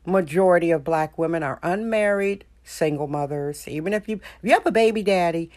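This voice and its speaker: A woman's voice: fairly low pitch, a little fast, darkish tone. A woman hosting a solo podcast, talking in an opinionated, emphatic way with lots of rhetorical questions. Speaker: podcast host.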